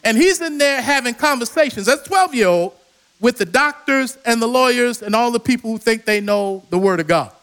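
Brief: male preacher, sermon, very high and ringing voice, dramatic storyteller. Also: expressive, fairly quick, fairly bright tone, clear, resonant tone. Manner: dramatic storytelling with call-and-response.

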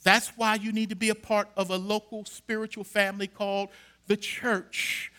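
A middle-aged pastor preaches to his church in a high, piercingly bright voice. He builds to loud, emphatic bursts and calls out to the people in the pews. His tone stays ringing and sharp even when he drops to a quieter passage. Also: moderate pace, smooth. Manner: preaching with rising emphatic bursts and call-outs to the congregation. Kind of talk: sermon.

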